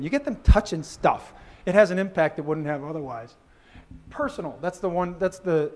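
A man giving a conference presentation, animated and joking, acting out quoted voices and laughing at his own lines. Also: sits high. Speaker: conference speaker. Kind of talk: presentation talk.

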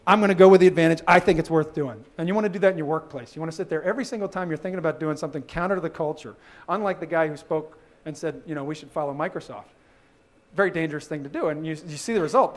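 Fast, high-voiced man giving a lively talk. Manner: animated, acts out quoted voices, laughs at own jokes. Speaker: conference speaker. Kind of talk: presentation talk.

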